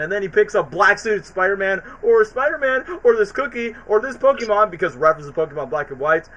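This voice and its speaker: Excitable man with a bright voice. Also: high voice, poor audio. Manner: excitable, mimics characters in quick bursts. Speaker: stream co-host. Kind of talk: casual chat, retelling cartoon parody scenes.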